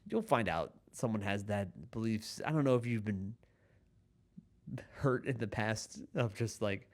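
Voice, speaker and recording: A man hosting a podcast in a rambling comedic monologue, halting and full of restarts, often laughing at his own points. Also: on the low side, a little mellow. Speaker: podcast host.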